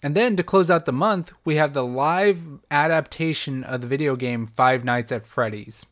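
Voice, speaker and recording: A man's voice: a little high, normal speed, a bit bright. A young man hosting a solo podcast, reviewing a horror film in a casual, chatty, self-deprecating way with light laughs.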